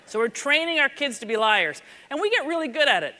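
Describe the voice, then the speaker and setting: A woman, a former police officer, giving a conference keynote in an animated, conversational storytelling manner on a stage microphone. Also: sits high, moderate pace, slight background noise. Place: large conference hall stage. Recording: reverberant large hall.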